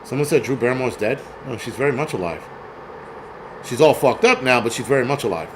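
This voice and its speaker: A man's voice: medium pitch, lively intonation, fairly quick, background noise. A man in his forties hosting a casual livestream, rambling with plenty of swearing and answering chat as he goes. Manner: profane, rambling, reads chat aloud. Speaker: film review livestream host.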